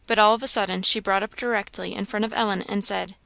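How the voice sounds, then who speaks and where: Gravelly woman reading a novel. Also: mid-range voice, fairly even intonation, fast talker, a bit bright, no echo. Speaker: audiobook reader.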